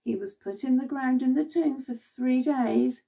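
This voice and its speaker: A woman's voice: high-pitched, unhurried, vocal fry, mellow, recorded from a distance. A woman leading a children's Bible club, telling the story expressively and asking the children questions.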